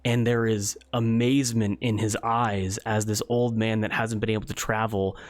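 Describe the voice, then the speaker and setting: Male game master, slow and easygoing, light music underneath. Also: fairly low pitch. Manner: casual, with lots of fillers. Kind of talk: narrating a tabletop game.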